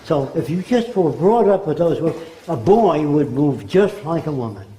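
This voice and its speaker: Old guy lecturing, rambling, does little accents, mellow kinda high voice. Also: animated, a little slow, roomy sound, rough recording. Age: older. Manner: rambling, mimics accents to make points. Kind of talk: informal lecture.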